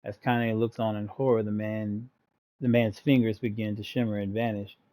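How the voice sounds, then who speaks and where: A man's voice: fairly low pitch, little pitch movement, normal speed, warm tone. A man hosting a gaming channel, reading the story text aloud and breaking in with casual jokes. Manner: reads aloud, breaks off to joke and laugh.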